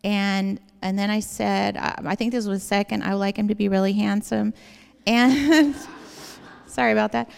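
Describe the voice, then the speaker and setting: A woman's voice: medium pitch, steady tone, normal speed, creaky, darkish tone, smooth. A woman giving a personal faith testimony to an audience, telling her story in an earnest, rambling way in a large hall. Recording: long hall reverb.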